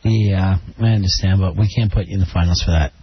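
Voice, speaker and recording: A man hosting a call-in radio show, teasing callers with quick jokes. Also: low-pitched, fairly even intonation, breathy edge. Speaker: radio host. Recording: dull lo-fi radio broadcast with faint hiss.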